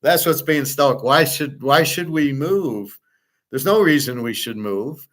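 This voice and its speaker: A man's voice: a little high, a little slow, a bit bright. Blunt, cursing man telling a story. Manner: blunt, profane, rambling with restarts. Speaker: show host. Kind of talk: casual storytelling monologue.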